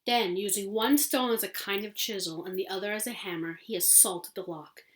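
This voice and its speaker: A woman reading a novel chapter aloud in an expressive, dramatic way, with small slips and restarts. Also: mid-range voice, normal speed. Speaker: audiobook reader.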